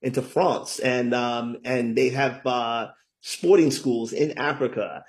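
A man's voice: medium pitch, fairly even intonation, takes it slowly. A middle-aged man talking as a guest author in an interview, enthusiastic and often tagging his points with "right?". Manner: enthusiastic, keeps asking "right?". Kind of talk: conversational interview talk.

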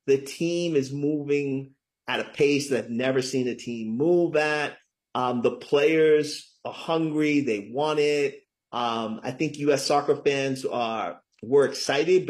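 A middle-aged man talks through a casual interview as a guest, explaining things in an easy, chatty way. He leans hard on key words and keeps checking in with the listener. His voice sits at an ordinary pitch. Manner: chatty, lots of "right?" tags, emphatic. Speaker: guest, author.

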